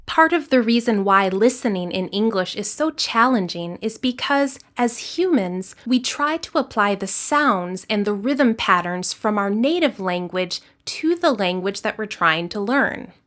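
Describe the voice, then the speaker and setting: A woman with an American accent, an English teacher giving a scripted lesson with clear, deliberate explanations. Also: mid-range voice, lively intonation, fairly bright tone.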